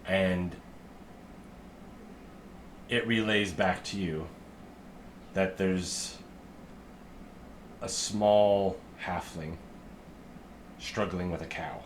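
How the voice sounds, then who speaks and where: A man narrating a tabletop game as game master in a slow, low-key way. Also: steady tone, slight background noise.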